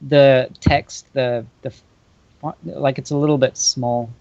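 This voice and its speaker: A man's voice: mid-range voice, fairly even intonation, slow, vocal fry, mellow, no room sound. A man co-judging on a livestream, chatting casually and adding short, hesitant remarks. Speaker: co-judge on stream. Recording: dry, dull lo-fi audio.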